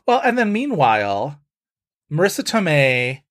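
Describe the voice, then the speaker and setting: A man's voice: fairly high pitch, wildly swooping pitch, a little slow, a bit bright. A young man co-hosting a casual film podcast, talking in a rambling way with lots of fillers. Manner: chatty, rambling with many fillers. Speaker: podcast co-host.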